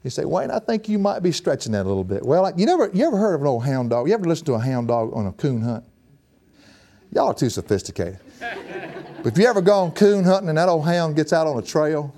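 Folksy preacher, man, warm tone. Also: fairly high pitch. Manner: folksy, animated and emphatic, often chuckling. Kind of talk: sermon.

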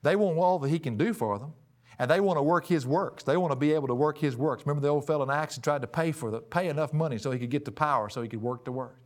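A man preaching a sermon in a fairly high voice. He is emphatic and folksy, pushing his voice up and then dropping it low to stress his points. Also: fast talker. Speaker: pastor. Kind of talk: expository sermon.

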